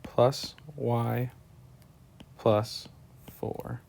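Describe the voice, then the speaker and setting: A man's voice: mid-range voice, level tone, drawn-out words, vocal fry, a little mellow. A man teaching calculus in a casual way, talking through each step as he writes, sleepy and yawning. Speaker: math teacher. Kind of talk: screen-recorded math lesson.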